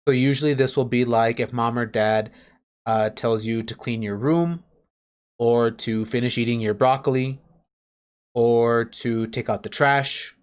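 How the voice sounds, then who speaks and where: A man's voice: mid-range voice, clean tone. A man teaching an online class on a video call, patiently explaining grammar with everyday examples.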